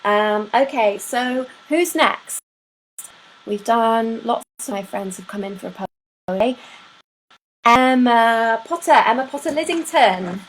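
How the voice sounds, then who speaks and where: Slow-talking woman hosting a poem stream. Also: fairly high pitch, poor audio. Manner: chatty, greets viewers by name, reads verse with playful emphasis. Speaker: live-stream host reading poems on request. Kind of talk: casual chat and poetry reading.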